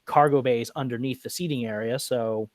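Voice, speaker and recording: A man's voice: mid-range voice, steady tone, normal speed, no room sound. A man organizing supporters' events, chatting casually with many fillers as he lays out practical plans. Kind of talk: casual chat.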